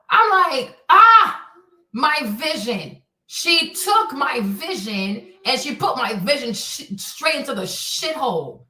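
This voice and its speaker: A woman hosts a livestream, venting casually with lots of swearing and exasperation. Her fairly high voice sounds pushed and bright, coming from far off the mic in an echoey room.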